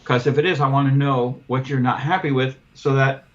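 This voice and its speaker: A man's voice: mid-range voice, a little fast, muffled recording. A man on a casual podcast, telling a long story about losing a cleaning client and acting out both sides of the talk, swearing freely. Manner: profane, animated storyteller acting out dialogue. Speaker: podcast host, window cleaner.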